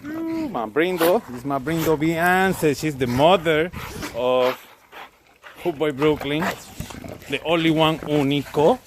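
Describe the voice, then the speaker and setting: A man in a snowy backyard, talking slowly and fondly to his dogs as he films them, with dogs playing in the background. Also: fairly high pitch, very animated, background noise. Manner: slow, fond, talks to his dogs. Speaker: dog owner filming his dogs. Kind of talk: casual handheld commentary.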